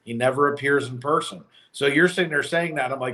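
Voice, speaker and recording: A man from the New York area co-hosting a casual live stream, talking in an animated, rambling way. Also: mid-range voice, a little fast. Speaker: co-host.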